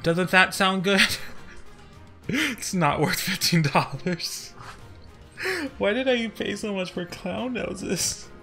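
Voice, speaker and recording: A man's voice: high-pitched, expressive, extremely slow, creaky, pauses often, sharp tone, soft background music. A man rambling on a live stream, reading chat and joking about himself with frequent giggles. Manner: giggly, self-deprecating, joking.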